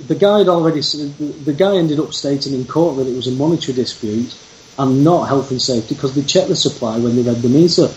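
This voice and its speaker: A man's voice: mid-range voice, fairly quick, darkish tone, slight background noise. A man in casual conversation, emphatic, telling his story. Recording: roomy, dull lo-fi sound with faint background.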